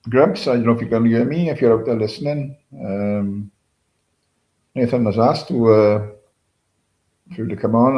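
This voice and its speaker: A man's voice: on the low side, darkish tone. A British man hosting a casual live stream, greeting viewers by name and rambling with many fillers. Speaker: livestream host. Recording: roomy echo.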